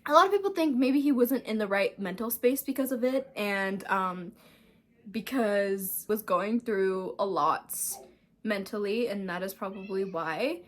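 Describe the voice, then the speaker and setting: A woman's voice: medium pitch, a little slow. Chatty woman recapping celebrity news. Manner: chatty, animated, laughing asides, swearing. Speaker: host. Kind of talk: casual commentary on celebrity news.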